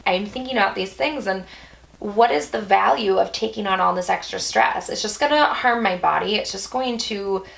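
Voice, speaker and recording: Reflective woman vlogger with a gravelly edge. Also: medium pitch, fairly bright tone, rough recording. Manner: thinking aloud, with restarts and playful exclamations. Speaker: yoga instructor and vlog host. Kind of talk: casual reflective vlog talk.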